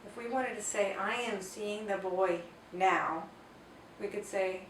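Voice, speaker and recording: A woman teaching a grammar lesson at a board, explaining slowly and carefully and reading out Spanish example sentences. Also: mid-range voice. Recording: echoey room, distant mic, faint noise.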